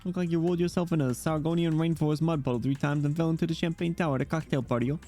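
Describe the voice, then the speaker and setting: A man's voice: on the high side, fairly even intonation, racing, mellow, faint music behind, voice pushed up, natural voice. A man voicing a swaggering immortal emperor penguin rapper who talks in laid-back slang, reading a game story aloud. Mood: cocky.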